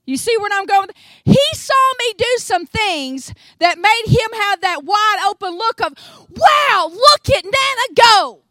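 An older woman with a Tennessee accent, preaching a sermon in an animated storytelling way, acting out voices and swinging between soft asides and loud exclamations. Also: very high voice, a little slow, no room sound. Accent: Southern US, Tennessee.

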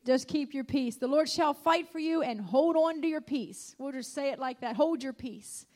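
High-voiced woman preaching a fervent sermon. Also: moderate pace, a little mellow. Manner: emphatic, repeats lines, calls out hallelujah.

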